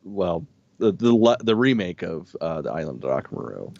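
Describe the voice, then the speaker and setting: A man co-hosting a casual review chat, relaxed and blunt, swearing casually. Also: low-pitched, moderate pace, vocal fry, no echo, muffled recording. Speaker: co-host.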